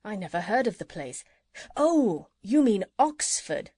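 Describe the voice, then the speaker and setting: A woman reading an audiobook and voicing a kind, curious male doctor with polite, gentle questions. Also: mid-range voice, sing-song, a little slow, slightly rough, dry recording. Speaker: audiobook reader.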